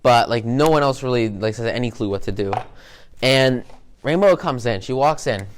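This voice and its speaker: A man's voice: mid-range voice, moderate pace, slight background noise. A man giving an upbeat, rambling motivational talk with lots of energy. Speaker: motivational speaker.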